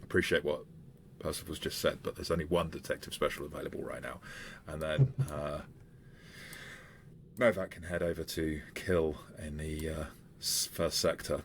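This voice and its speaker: A man running a tabletop game as game master, narrating in a halting way with frequent fillers. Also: rumbling low, steady tone, gravelly, a little hiss or hum. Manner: halting, with many fillers and restarts.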